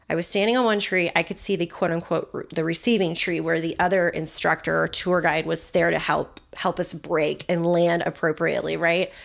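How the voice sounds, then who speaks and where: A young woman hosting a podcast, telling a personal story in a chatty, animated way with lots of fillers and self-mocking asides. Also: fairly low pitch, creaky. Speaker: podcast host. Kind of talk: casual storytelling monologue.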